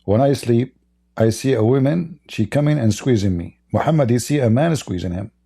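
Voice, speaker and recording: A middle-aged man with a dark, gravelly, husky voice hosts a casual livestream, and he is hoarse from hours of talking. He mocks and chuckles as he goes, and often stops to cough and clear his throat. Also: mid-range voice, expressive, moderate pace. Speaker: livestream debate host.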